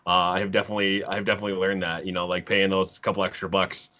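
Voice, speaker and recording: A man hosting a casual interview, quick and agreeable, with lots of short acknowledgments. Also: sits low, little pitch movement, pushed and bright, lo-fi sound. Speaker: interview host.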